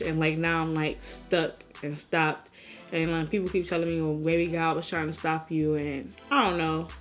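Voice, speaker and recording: A young woman, telling a story in a casual vlog and acting out the people in it. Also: lowish voice. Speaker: vlogger.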